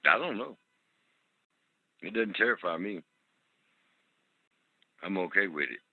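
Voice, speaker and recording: A man's voice: sits low, animated, unhurried, no room sound, narrow, tinny audio. A man co-hosting a podcast, teasing and playful in casual chat. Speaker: podcast co-host.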